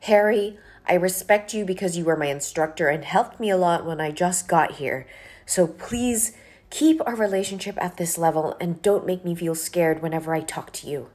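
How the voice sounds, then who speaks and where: An actress playing a young office worker who firmly and politely pushes back against a colleague. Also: female voice, lowish voice, moderate pace, a little mellow, lightly acted. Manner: firm, exasperated, polite refusals. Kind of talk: scripted dialogue drama.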